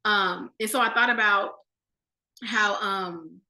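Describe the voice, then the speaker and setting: A woman leading a casual, animated Bible study. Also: mid-range voice, slow, roomy sound. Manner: animated, conversational, with slang.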